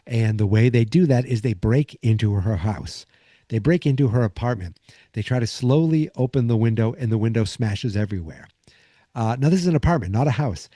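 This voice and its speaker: A man's voice: medium pitch, normal speed, dark tone, no echo, studio quality. A man hosting a podcast, casually recapping a sitcom episode in a rambling way, acting out bits of dialogue along the way. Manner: rambling, acts out quotes from the episode. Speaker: podcast host.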